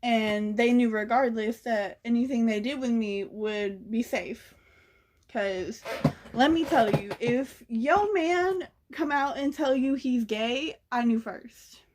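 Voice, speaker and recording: A young woman retells a story straight to camera, loose and slangy. Her voice sits a bit higher than most women's. She talks in a lively, gossipy rush of asides. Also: slow. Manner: chatty, slangy, animated retelling. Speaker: vlogger. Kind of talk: casual storytelling.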